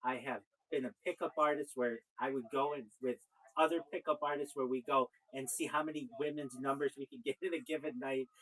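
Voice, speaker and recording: A man's voice: medium pitch, steady tone, a little fast, a bit bright, poor audio. A man, a rabbi, talking casually and at length in a conversation, often cutting in to disagree. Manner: talkative, cuts in with repeated "wait". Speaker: rabbi, show host.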